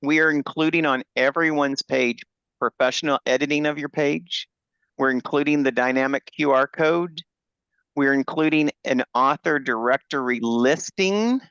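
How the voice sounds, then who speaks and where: A man's voice: medium pitch, normal speed, fairly bright tone, clear, resonant tone, no echo. A man hosting a book launch on a video call, talking enthusiastically with fillers and restarts. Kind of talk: Zoom presentation. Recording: dull lo-fi video call audio.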